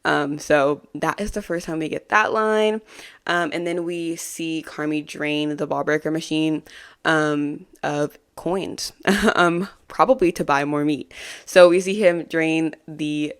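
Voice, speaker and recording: A woman's voice: sits low, fairly even intonation, slow, clean tone. A woman hosting a podcast, recapping a TV episode in a casual, chatty way, giggling often and filling her talk with ums and likes. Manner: chatty and giggly, full of fillers. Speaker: podcast host.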